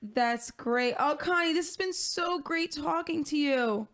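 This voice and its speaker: A young woman co-hosting a podcast, dry and deadpan with a monotone delivery. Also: high voice, unhurried. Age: young adult. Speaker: podcast co-host. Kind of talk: casual podcast chat.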